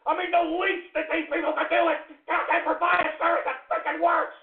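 A male radio host rants on air, swearing and repeating himself over and over. His voice sits high and comes out raspy and gravelly. The broadcast sounds thin and tinny, like a phone line. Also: flat delivery, fairly quick. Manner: cursing, exasperated, repeats himself. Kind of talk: angry on-air rant.

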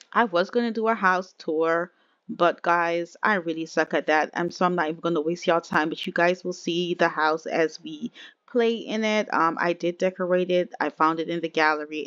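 A woman's voice: deep voice, fairly bright tone, dry recording, muffled recording. Chatty woman narrating a life-sim game. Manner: chatty, addresses viewers as y'all. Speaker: game streamer. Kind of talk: casual let's-play commentary.

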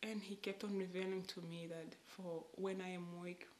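Woman, low voice, emotional faith testimony, halting, drifts into whispers, echoey room. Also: flat delivery, darkish tone. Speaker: vlogger.

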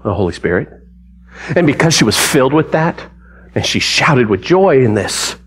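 A man's voice: mid-range voice, very animated, moderate pace, fairly bright tone. A man preaching a sermon, telling the story dramatically and leading the congregation in call-and-response.

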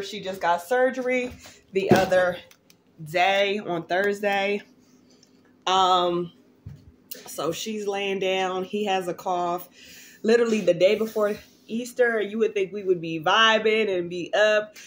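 A woman's voice: mid-range voice, fairly even intonation, slow pace, slight background noise. A woman vlogging in a casual, rambling way, full of fillers and restarts, in a tired, groggy morning voice. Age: adult mother. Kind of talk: casual vlog chat.

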